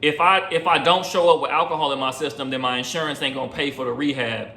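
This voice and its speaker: A man quoting a tipsy woman passenger heading to rehab, in a lower, quieter, offhand tone. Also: steady tone, quick pace, echoey room, background noise, natural voice.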